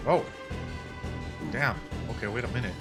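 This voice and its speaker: A man, a psychologist, giving excitable let's play commentary, exclaiming and musing aloud. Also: mid-range voice, moderate pace, loud music behind the voice. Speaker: psychologist playing a game on stream.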